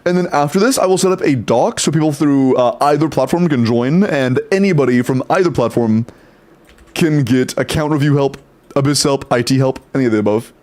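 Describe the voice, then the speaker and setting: A young man streaming live, casually chatting and greeting viewers in quick succession, swearing now and then. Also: medium pitch, darkish tone. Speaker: streamer reviewing game accounts.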